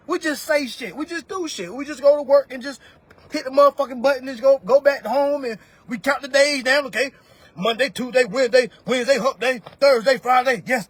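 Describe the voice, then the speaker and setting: A man's voice: very high voice, a bit bright, slightly rough, dry recording. A man in his thirties ranting on a livestream, preachy and profane, talking straight to his viewers and calling them family. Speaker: livestreamer giving money advice. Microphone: phone.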